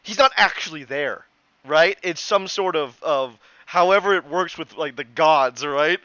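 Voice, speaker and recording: A man's voice: a little high, unhurried, pushed and bright, smooth, no room sound. A man narrating a tabletop game as game master, in a loose, chatty way with many restarts. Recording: dull lo-fi, dry.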